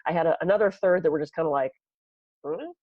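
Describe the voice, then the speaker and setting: A woman's voice: deep voice, racing, no echo, lo-fi sound. A woman co-hosting a podcast in casual chat, telling stories animatedly and acting out the people she quotes. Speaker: podcast co-host, massage therapist.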